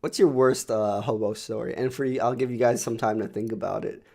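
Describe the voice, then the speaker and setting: A young man co-hosts a podcast, telling rambling, profane stories in casual chat with animated energy and lots of fillers. His voice is medium-pitched, brisk and creaky.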